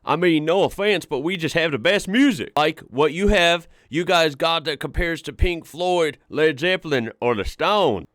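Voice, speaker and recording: A man's voice: a little high, moderate pace, hardly any pauses, a bit bright, no echo, studio quality, pitched above the performer's own voice, lightly acted. A man voicing a boastful male Texan, putting on a Texan accent. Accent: Texan, put on.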